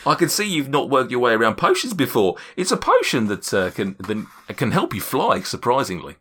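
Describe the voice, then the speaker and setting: A man narrating as game master of a tabletop game, halting with fillers and restarts. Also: mid-range voice, very animated, a bit bright, husky. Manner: hesitant, many fillers and restarts.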